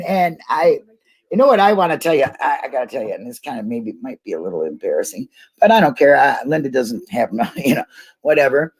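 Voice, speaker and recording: A woman's voice: low-pitched, darkish tone. Rambling, laughing woman livestreamer. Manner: rambling, laughs often, talks to chat; emotional, cries easily. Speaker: YouTube livestream host. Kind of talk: casual livestream chat with viewers.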